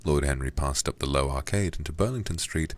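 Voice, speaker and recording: A man streamer reading a classic novel aloud in a hushed whispered role-play style. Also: extremely low pitch, brisk.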